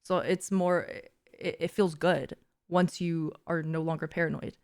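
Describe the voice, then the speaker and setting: A woman's voice: sits low, steady tone, a little slow, a little mellow, smooth. A young woman livestreamer chatting casually and frankly, laughing often and saying "like" a lot. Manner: frank and giggly, peppered with "like". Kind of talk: casual chat.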